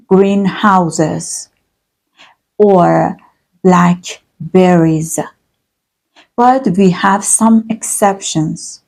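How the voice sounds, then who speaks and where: A woman teaching an online English grammar lesson, speaking slowly and deliberately and repeating each example. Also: mid-range voice, creaky, darkish tone.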